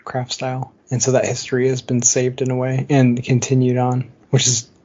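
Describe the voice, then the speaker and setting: A man's voice: medium pitch, completely flat delivery, moderate pace, mellow, highs cut off. Chatty laughing male podcast co-host. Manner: chatty, laughs often, lots of "like" fillers. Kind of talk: casual chat.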